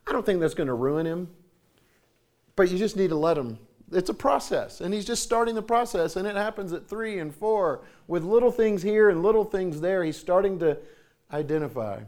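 An American man in his forties tells parenting stories in a casual, unscripted way. His voice sits a bit high for a man, and he often stops to clear his throat or restart a sentence. He jumps sharply in pitch when he quotes other people. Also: expressive, moderate pace, pauses often, darkish tone. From United States. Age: 40s.

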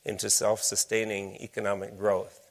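A man's voice: fairly low pitch, flat delivery, moderate pace, gravelly. A man giving a lecture with slides, talking in a conversational, storytelling way. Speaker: speaker.

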